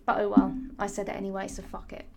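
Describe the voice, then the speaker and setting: A young woman rants on her vlog with a sarcastic, sassy edge. She swears freely and keeps drifting off topic, talking at a middling pitch. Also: completely flat delivery, quick pace, creaky, darkish tone. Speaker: vlogger. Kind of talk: ranting casual monologue.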